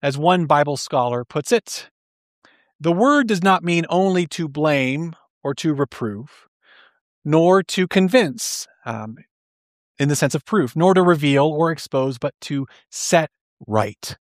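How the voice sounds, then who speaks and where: Guy preaching a sermon, a bit high voice, earnest, asks lots of questions, dry sound. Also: expressive, no echo. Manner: earnest, questioning, explains slowly with restarts. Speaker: pastor.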